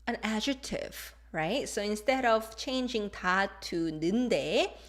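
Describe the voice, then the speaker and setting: Lively, playful woman teaching a lesson. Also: mid-range voice, moderate pace. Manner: demonstrates intonation with exaggerated examples. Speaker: language teacher. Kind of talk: live-streamed lesson.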